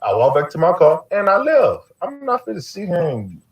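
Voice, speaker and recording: A man's voice: fairly high pitch, wildly swooping pitch, normal speed, reverberant. A man casually retelling events and acting out the dialogue he quotes. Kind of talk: casual storytelling. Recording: distant mic with faint background noise.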